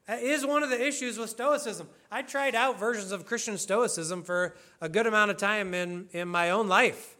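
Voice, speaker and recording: High, bright-voiced preacher man. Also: moderate pace, hardly any pauses. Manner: earnest expository preaching with conversational asides. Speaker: pastor. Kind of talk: sermon.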